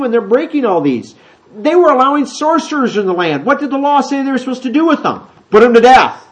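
A pastor teaches from the Bible during a sermon, chatting in a folksy way, reading scripture aloud and dropping into quick character voices. His voice sits high with a darkish tone, and the recording is muffled.

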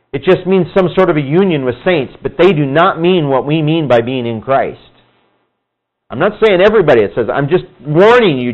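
A male Bible teacher talks to his class in a relaxed, conversational way. His somewhat high voice rises and falls a lot as he acts out the people in his stories. The recording sounds muffled and lo-fi. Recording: dull lo-fi room recording.

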